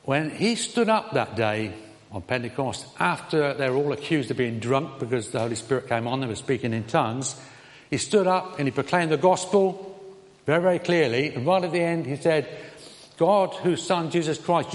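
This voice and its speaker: Male preacher, mid-pitched, conversational sermon delivery, long hall reverb. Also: lively intonation, brisk. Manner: conversational, rising on questions and quotes, dropping soft on tender lines.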